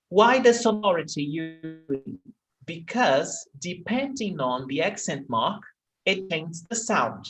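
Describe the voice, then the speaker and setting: A man leads an online language lesson, his voice sitting a little higher than most men's. He takes his time, spelling out sounds one by one and pausing to ask if the learner is following. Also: a bit bright, rough recording. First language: Portuguese. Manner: patient, repeats sounds slowly and checks in with "okay?". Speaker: Portuguese teacher.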